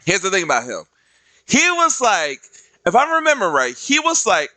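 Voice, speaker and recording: A man streamer ranting casually, slangy and animated, dropping into other voices to act out quotes. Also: sits high, moderate pace, no echo. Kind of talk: casual rant.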